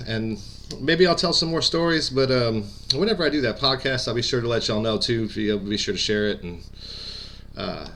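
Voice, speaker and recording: Male storyteller, casual and rambling, stutters, bright voice. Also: medium pitch, a little hiss or hum. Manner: rambling, full of fillers and stutters. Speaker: former pro wrestler telling a story.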